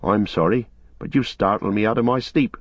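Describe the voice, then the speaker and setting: Loyal hobbit manservant, voiced by a male reader, low husky voice, rustic phrasing, dry dull recording. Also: moderate pace, no room sound. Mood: apologetic. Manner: homely, rustic turns of phrase. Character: loyal, plain-spoken male hobbit servant.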